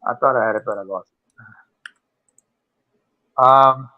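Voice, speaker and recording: A man's voice: medium pitch, a little slow, no room sound. Man, tinny phone-like line, dry, offhand casual chat.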